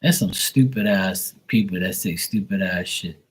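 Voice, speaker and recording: A man's voice: sits low, moderate pace, breathy edge, low-quality recording. A man from Bermuda, ranting bluntly and profanely to viewers on a casual livestream. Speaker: livestream host.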